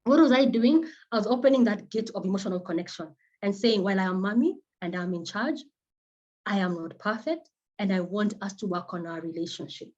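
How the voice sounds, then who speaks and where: A Kenyan woman psychotherapist, a native Kimeru speaker, giving an animated and earnest talk built around personal stories. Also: mid-range voice, fairly quick, lo-fi sound. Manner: animated, acts out quoted voices, earnest.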